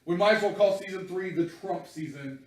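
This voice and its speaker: A man's voice: high voice, a little fast. A man co-hosting a podcast in casual chat, joking sarcastically and swearing. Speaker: podcast co-host. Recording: echoey room with noise.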